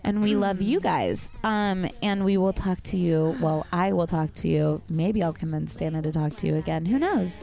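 A woman hosts a casual podcast chat, giggly and playful. Her voice is sick and full of fry. She sounds easygoing with her guest. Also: fairly low pitch, fairly even intonation, normal speed, hardly any pauses, warm tone, faint music behind. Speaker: podcast host.

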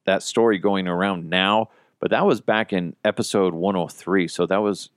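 A young man with a fairly low voice hosts a casual podcast. He tells stories in a joking, animated way. The sound is close and dry. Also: normal speed, no echo. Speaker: podcast host. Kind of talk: casual chat.

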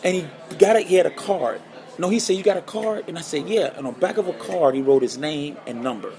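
A guest guitarist on a podcast, his voice a little high and brisk, tells stories with animation and acts out the voices of the people he quotes.

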